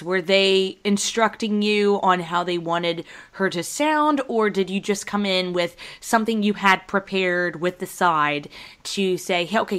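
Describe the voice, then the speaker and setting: A woman's voice: medium pitch, a bit bright. A woman hosting a podcast, chatty and asking her guest questions. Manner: chatty, laughs often. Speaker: podcast host. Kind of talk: casual interview chat.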